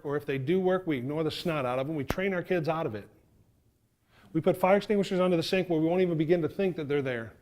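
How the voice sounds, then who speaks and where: Man from new york, middle-aged, fire safety speaker, quick and lively, slightly high voice. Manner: animated, acts out quoted voices. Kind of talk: animated storytelling talk.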